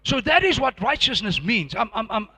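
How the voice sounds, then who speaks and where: A middle-aged man, preaching a sermon and telling a dramatic testimony, acting out scenes with sudden loud outbursts. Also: very high-pitched, sing-song, normal speed, husky, no echo.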